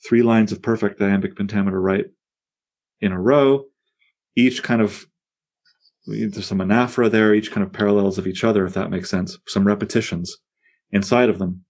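Guy teaching a poetry class, kinda low voice, reads lines out loud and beats out the rhythm. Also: moderate pace. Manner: reads verse aloud with relish, taps out meter. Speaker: teacher leading a poetry seminar. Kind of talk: seminar discussion.

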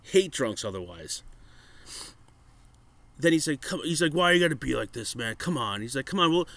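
New guy ranting through a bar story, lots of swearing, bright punchy voice, dry sound. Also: medium pitch, moderate pace, dry recording. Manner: profane, animated storyteller acting out quotes. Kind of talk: casual storytelling chat.

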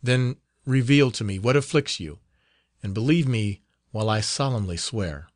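A man's voice: medium pitch, lively intonation, moderate pace, no echo, studio quality, lightly acted. A man voicing a middle-aged friar in an audiobook, speaking in an earnest, fatherly, reassuring manner. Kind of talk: audiobook character reading.

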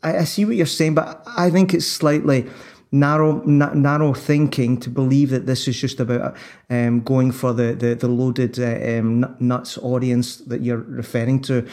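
A man co-hosting a sports discussion, calmly arguing his own view with confidence. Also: mid-range voice, moderate pace. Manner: confident, persuasive, builds an argument. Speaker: podcast co-host. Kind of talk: casual discussion.

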